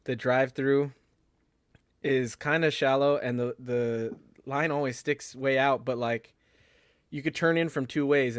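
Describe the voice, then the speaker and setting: A man's voice: mid-range voice, a bit bright, smooth, dry recording, studio quality. A man telling casual stories to friends with many fillers. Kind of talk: casual group chat.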